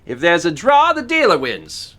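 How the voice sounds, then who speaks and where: A man voicing a cheerful, gossipy British gentleman in a plummy put-on British accent. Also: high-pitched, wildly swooping pitch, moderate pace, pitched above the performer's own voice, heavily acted. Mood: brisk. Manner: jolly, plummy, chatty.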